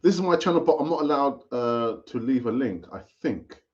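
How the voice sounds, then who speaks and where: A man's voice: mid-range voice, animated, moderate pace, a little mellow. A man hosting a live football fan stream, chatting casually and repeating himself as he urges viewers to comment. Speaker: fan channel host. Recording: dull lo-fi stream audio.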